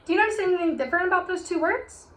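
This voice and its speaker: A woman's voice: extremely high pitch, very fast, fairly bright tone. A young woman teaching a recorded music lesson to children, chanting rhymes in an encouraging, sing-song voice. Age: young adult. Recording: echoey room with faint hiss.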